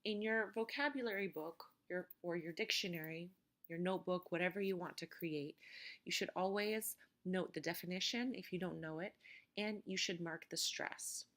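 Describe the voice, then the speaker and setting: Female instructor, lower register, clear deliberate pronunciation drills for a lecture. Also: fairly bright tone. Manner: slow, careful pronunciation drills. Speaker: teacher. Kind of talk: recorded vocabulary lecture.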